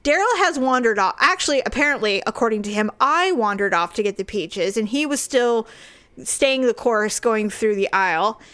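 A woman chatting casually, telling a self-deprecating story and acting out the quotes in a higher voice. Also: expressive, normal speed, a bit bright.

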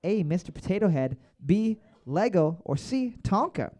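A man's voice: high voice, sing-song, moderate pace, mellow. A man hosting a bar trivia night, reading each question twice and joking between rounds. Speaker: trivia host.

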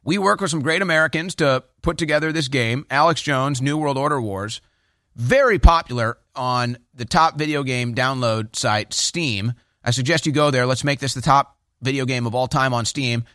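A man's voice: mid-range voice, normal speed, a bit bright, dry recording, clean studio sound. A man hosting a political talk show, delivering opinionated commentary with a mocking, sarcastic edge.

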